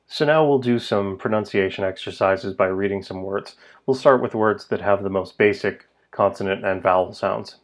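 A man teaching a pronunciation lesson, speaking slowly and repeating each word so learners can follow. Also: lowish voice. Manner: slow, deliberate, repeats words for learners. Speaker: language teacher.

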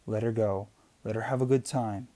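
A man's voice: lowish voice, steady tone, normal speed, warm tone, close to an everyday voice. A man playing a confident, firm father. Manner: firm, reassuring. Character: confident, reassuring father on vacation.

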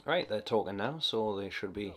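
Deep, lively Geordie man talking through a video game, pitch bouncing around as he jokes. He cracks crude gags and mocks himself while playing, in loose let's-play commentary. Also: moderate pace, soft background music. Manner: joking, crude, self-mocking. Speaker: gameplay commentator.

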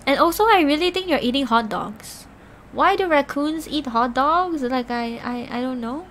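A woman live-streaming, chatting loosely with her viewers and rambling through her stories with plenty of filler words. Her voice sits a little high. A faint noise runs under the recording. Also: lively intonation, normal speed, a bit bright. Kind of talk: casual live-stream chat.

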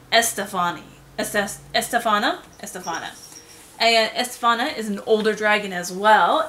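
A woman giving a casual solo review vlog, gushing and chatty, often trailing off into soft whispered asides. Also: medium pitch. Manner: chatty, fillers and self-corrections. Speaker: game lair reviewer.

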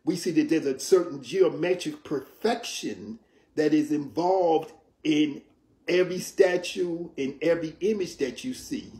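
A man's voice: a little high, dark tone. Teacherly man in a roomy echo. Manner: measured, teacherly, with frequent "right?" check-ins. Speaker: yoga teacher. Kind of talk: explanatory interview talk.

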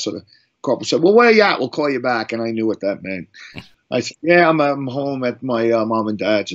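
A middle-aged man from Long Island, a guest musician telling stories in a casual interview, rambling with many restarts and fillers. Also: medium pitch. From Long Island, New York. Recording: slightly muffled audio.

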